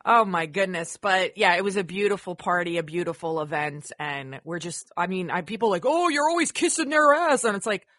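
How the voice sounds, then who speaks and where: A woman's voice: lowish voice, brisk, hardly any pauses, fairly bright tone, dry recording. A woman hosting a talk radio show, chatting casually with lots of fillers. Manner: chatty, uses many fillers.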